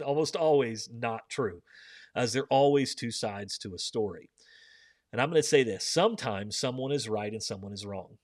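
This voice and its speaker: An earnest man with a voice of ordinary pitch leads a live book discussion. He reads scripture aloud and puts questions to his listeners. The sound is dry and close, with no room echo.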